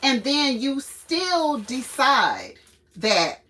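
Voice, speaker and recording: Slow, laughing woman livestream host. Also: high-pitched, distant mic, rough recording. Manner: laughs often while telling stories and ranting; animated, acts out quotes. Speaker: channel host and mother. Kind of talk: casual livestream chat.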